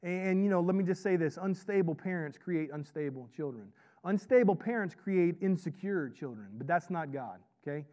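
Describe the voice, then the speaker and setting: A man's voice: sits high, lively intonation, normal speed, dark tone. A man who is a pastor and chaplain, preaching a sermon in a conversational way and often checking in with "right?". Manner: conversational, repeats "right?" to draw in the congregation.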